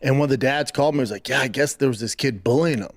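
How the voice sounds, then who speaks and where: A man's voice: medium pitch, racing. A man co-hosting a podcast, telling blunt, profane stories and acting out both sides of the dialogue in casual banter. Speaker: podcast co-host.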